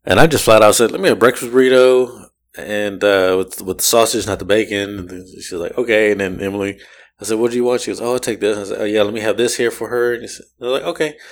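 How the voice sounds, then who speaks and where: A man hosting a podcast, telling a story in casual chat, animated and profane, laughing often and imitating the people he describes. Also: fairly low pitch, fast. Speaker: podcast host.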